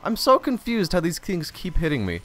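A man giving live gameplay commentary, frustrated and ranting, sometimes breaking into loud shouts. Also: sits high, huge pitch swings, normal speed, a little hiss or hum. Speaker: gamer recording gameplay commentary.

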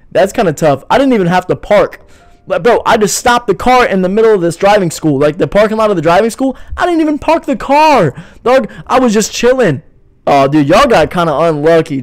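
A young man hosting a casual livestream, joking and rambling while answering his chat and saying "bro" a lot. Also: sits high. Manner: joking, rambling, reads and answers chat, says "bro" and "you know what I mean". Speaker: livestream podcast host.

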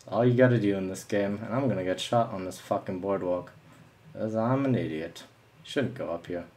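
A young man commentates live over an online shooter match, his voice on the low side with a darkish tone and normal speed. He rants angrily, swears often, and mocks and taunts his opponents, with a little hiss or hum in the recording.

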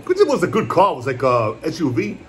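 A man's voice: a little high, wildly swooping pitch, quick pace. Laid-back man chatting while he eats. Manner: laid-back, rambling, repeats "my brothers" and "puppy". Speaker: mukbang vlogger. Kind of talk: casual eating vlog chat. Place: at home, indoors.

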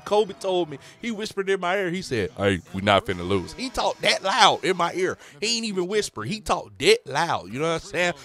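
An excitable man calls his own game in hype-filled slang. His high voice swings widely in pitch and has a bright, sharp edge. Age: adult, a parent. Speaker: gaming YouTuber. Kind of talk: let's play commentary.

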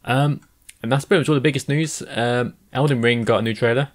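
A man's voice: medium pitch, steady tone, fairly quick. A man co-hosting a casual gaming podcast chat, laughing often and agreeing. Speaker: podcast co-host.

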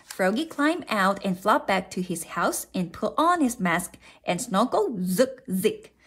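A woman reading a children's picture book aloud in a slow, expressive way with sound effects. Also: medium pitch, slightly rough. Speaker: storybook reader.

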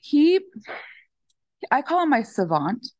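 A middle-aged woman chatting in an interview, telling animated stories with lots of fillers. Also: high voice, takes it slowly, dry recording. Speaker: dog owner guest. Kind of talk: casual interview chat.

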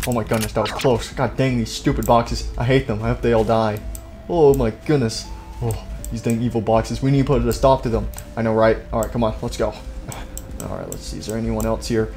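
A man hosting a gaming video, playing out a goofy war scene with hushed sneaking and sudden panicked yelps. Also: mid-range voice, fairly quick, soft background music. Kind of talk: playful role-play commentary over a game.

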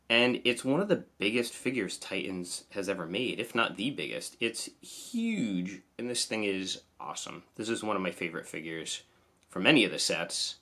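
Jersey guy chatting thru a toy review, deep but bright and punchy voice. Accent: New Jersey. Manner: enthusiastic, chatty, lots of "awesome". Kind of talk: casual unboxing review.

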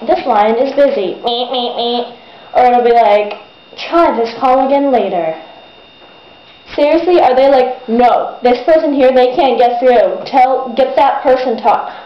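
A teenage girl in her bedroom, ranting in a casual, exasperated vlog and mocking people with put-on voices. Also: a little high. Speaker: vlogger. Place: bedroom at a desk. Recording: echoey, dull webcam audio with faint hiss.

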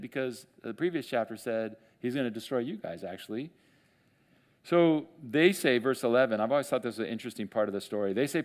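Pastor guy doing a chatty bible teaching, middle pitch, jumps into little voices for the story people. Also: fairly quick. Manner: conversational, animated, acts out quotes with voices. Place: church sanctuary.

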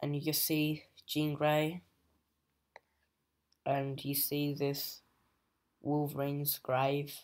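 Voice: mid-range voice, monotone, very slow, long pauses. A young adult comic book reviewer giving a casual, hesitant plot recap full of fillers. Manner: hesitant, many fillers and "just like".

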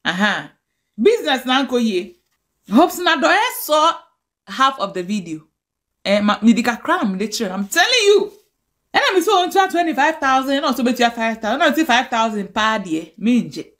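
A woman's voice: fairly high pitch, big pitch swings, normal speed, a bit bright. A Ghanaian woman with a Ghanaian accent, ranting angrily and scolding in a direct-to-camera video. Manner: angry, scolding rant mixing languages.

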